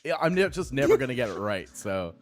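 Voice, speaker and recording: A man's voice: medium pitch, big pitch swings, brisk. A man co-hosting a casual live-streamed morning show, joking and laughing often.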